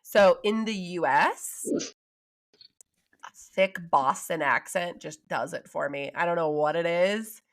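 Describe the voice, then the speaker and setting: A woman's voice: lowish voice, takes it slowly. A woman co-hosting a podcast in casual chat, reading out listener questions with frequent exclamations. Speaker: podcast co-host.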